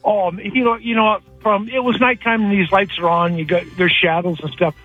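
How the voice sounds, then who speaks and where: A man calling in to a radio show, telling a story in a rambling, animated way with many restarts, heard over a phone line. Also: high voice, moderate pace, slightly rough, soft background music. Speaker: caller. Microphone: telephone.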